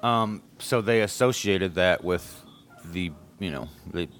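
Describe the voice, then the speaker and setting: A man's voice: low-pitched, a little slow, a bit bright, slight background noise. A man hosting a podcast in a rambling, casual way, laughing often. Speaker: podcast host. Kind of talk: casual chat.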